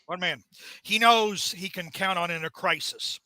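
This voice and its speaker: A man hosting a casual comic book review show, jokey and animated, acting out scenes as he recaps. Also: sits high, a little slow, no room sound. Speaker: podcast host.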